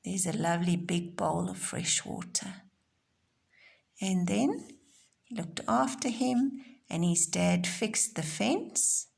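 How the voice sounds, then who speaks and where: A woman teacher giving a recorded home-learning lesson to young children, explaining gently and simply. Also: on the low side, slow, creaky, long pauses, husky. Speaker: primary school teacher.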